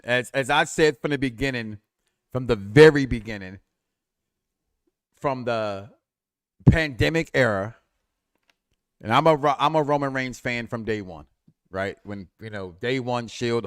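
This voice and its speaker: A man co-hosting a wrestling talk show, chatting casually in a lively, joking way with stammered restarts. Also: medium pitch, normal speed, long pauses, smooth, no echo, clean studio sound. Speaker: wrestling podcast co-host. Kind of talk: casual barbershop-style chat.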